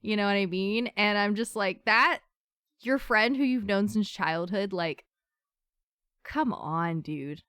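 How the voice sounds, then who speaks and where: A woman's voice: mid-range voice, slow, clean tone, no echo, studio quality. A young woman co-hosting a casual book club livestream, talking with emotion and venting about a novel. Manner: emotional, animated, swings between venting and seething.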